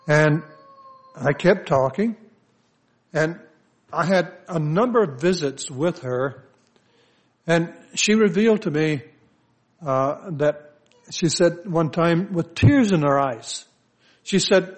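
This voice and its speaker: A man's voice: a little high, lively intonation, slow pace, long pauses. An older man, a pastor, preaching a conversational sermon full of personal stories, often restarting his sentences. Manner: conversational, anecdotal, with frequent restarts. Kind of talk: storytelling sermon.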